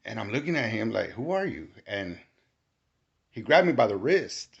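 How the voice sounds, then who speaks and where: A man giving a casual testimony, animated and rising to shouts when he quotes himself. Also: fairly low pitch, moderate pace, vocal fry. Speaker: storyteller recounting a spiritual experience. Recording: dull lo-fi recording.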